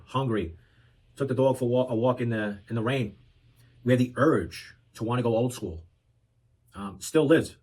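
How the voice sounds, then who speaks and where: Casting note: earnest man in his thirties, husky mid-range voice, reflective monologue with frequent restarts. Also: medium pitch, rough recording. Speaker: parenting vlogger. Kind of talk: reflective talk to camera.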